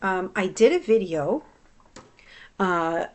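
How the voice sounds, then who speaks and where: A woman's voice: on the low side, animated, slow pace, darkish tone. A woman hypnotherapist talking in a casual personal vlog, reflective and confessional, often restarting her sentences.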